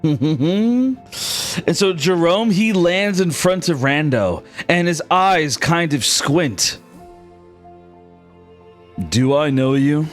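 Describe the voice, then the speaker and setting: Slow, lively-pitched male game master. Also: soft background music. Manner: slow, drawn-out narration. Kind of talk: narrating a tabletop game.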